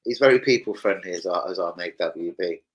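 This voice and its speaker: A man's voice: low-pitched, fairly quick, a little hiss or hum, low-quality recording. A man hosting a football fan channel, hyper and slangy, swearing freely through casual chat and a transfer news roundup.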